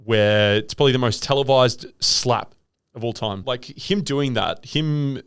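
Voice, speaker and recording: A man's voice: medium pitch, unhurried, clear, resonant tone, dry recording, studio quality. A man co-hosting a podcast in casual, rambling chat, riffing and throwing in impressions. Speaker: podcast co-host.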